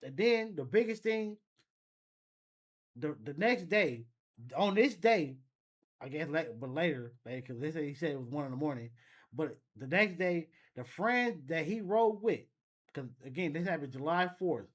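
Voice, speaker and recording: Dude reacting to a clip, kinda higher voice, rambles and restarts a lot. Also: male voice, animated, moderate pace. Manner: rambling, thinks aloud with restarts. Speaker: reaction channel host. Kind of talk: casual reaction commentary.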